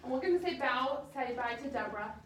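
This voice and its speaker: High-voiced woman teaching kids music. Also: animated, fast talker, fairly bright tone. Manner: encouraging, chants rhythm syllables. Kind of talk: children's music lesson. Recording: echoey room, far mic, noisy.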